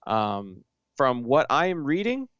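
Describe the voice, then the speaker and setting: A man co-hosting a podcast, casually chatting and retelling stories with animated quoted asides. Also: medium pitch, slow, clean tone, dry recording, lo-fi sound. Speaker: podcast co-host. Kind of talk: casual chat.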